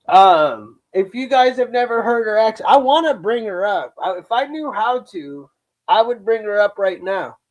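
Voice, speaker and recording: A young man hosts a casual livestream, telling loose, slang-filled stories to his viewers. His voice sits high, and he drags his words out at an unhurried pace. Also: poor audio. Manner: rambling, slangy storytelling. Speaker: livestream host.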